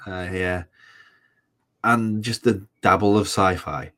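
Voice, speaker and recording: A man speaking as a podcast guest in casual chat, halting and wry. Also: low-pitched, fairly even intonation, pushed and bright. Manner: hesitant, many fillers and restarts, wry.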